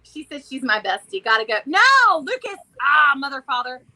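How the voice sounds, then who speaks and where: Bright high-voiced Southern woman chatting. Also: moderate pace, poor audio. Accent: Southern American. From American South. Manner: animated, chatty, loud exclamations and laughs. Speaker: vlog co-host. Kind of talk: casual chat.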